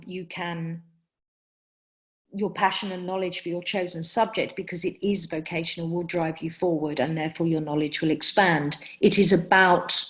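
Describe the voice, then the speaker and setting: Emphatic woman giving career advice. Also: fairly low pitch. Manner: emphatic, direct advice with frequent ums. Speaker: acting practitioner answering audience questions. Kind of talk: webinar Q&A talk.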